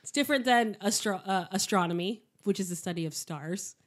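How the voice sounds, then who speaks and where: Woman podcast co-host, under the weather with a husky voice; hesitant, rambling and self-deprecating. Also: medium pitch, fairly quick. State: sick, husky voice. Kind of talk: casual chat.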